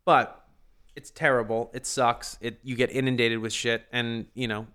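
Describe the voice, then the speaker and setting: A man's voice: medium pitch, level tone, moderate pace, a bit bright, clear, resonant tone. A man co-hosting a casual podcast chat, explaining topics at length, laughing easily and swearing casually. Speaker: podcast co-host.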